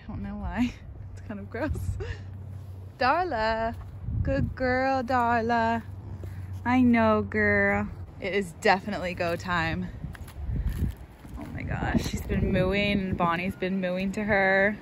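Woman, farm vlogger, nervous, coaxing, camera mic, outdoors, loud background noise. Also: medium pitch, fairly even intonation, slow, long pauses. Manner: nervous, coaxing the cow softly. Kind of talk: casual commentary while filming.

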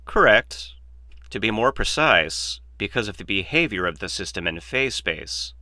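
A man's voice: on the low side, animated, unhurried, bright, forceful tone, no echo, heavily acted. A man voicing a glib, opinionated male mathematician in a dry, lecturing, sardonic manner, read as an audiobook. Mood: brisk. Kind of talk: audiobook reading.

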